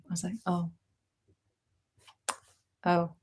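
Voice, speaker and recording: A woman's voice: lowish voice, monotone, takes it slowly, creaky, long pauses. A young woman vlogger chatting casually with her live viewers, upbeat and full of fillers and restarts, her throat a little sore. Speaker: vlogger answering live chat. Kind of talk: casual live-stream chat.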